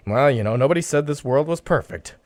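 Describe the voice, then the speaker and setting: A man telling a personal story live on the radio as host, chuckling often and breaking into loud yelling. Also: on the high side, no room sound, clean studio sound. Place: radio studio.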